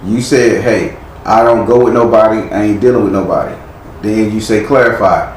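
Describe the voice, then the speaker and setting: A tarot reader with a lowish voice and moderate pace gives a live reading, blunt and chiding, using casual slang. The room is echoey, with faint noise behind him.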